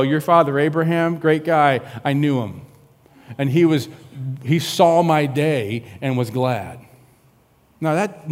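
A man's voice: mid-range voice, a little mellow. A man delivers a sermon in a mid-range voice. He teaches animatedly and acts out the lines of the people in the scripture story. The recording carries the long, echoing reverb of a large hall. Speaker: pastor.

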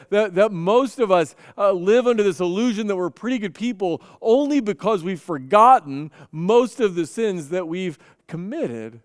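A man's voice: high voice, clean tone, no echo, clean studio sound, in a large hall. A man preaching a sermon, telling stories earnestly and often repeating his first word as he goes. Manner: earnest storytelling with frequent repeated starts. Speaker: pastor.

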